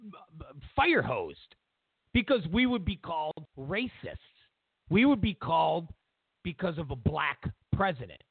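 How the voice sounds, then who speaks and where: A man hosting a political commentary show, ranting loudly and mockingly, slipping into put-on voices for the people he quotes. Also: on the high side, vocal fry, breathy edge, dry recording, phone-quality sound.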